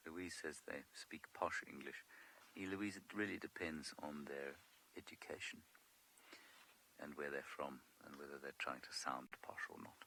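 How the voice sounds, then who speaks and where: A man guiding a live safari drive outdoors, talking in a hushed, amused, wry way and often whispering. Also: rumbling low, fairly even intonation, measured pace, creaky, a little hiss or hum, low-quality recording. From South Africa. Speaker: safari guide presenting a live game drive. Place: open game-drive vehicle outdoors in the bush.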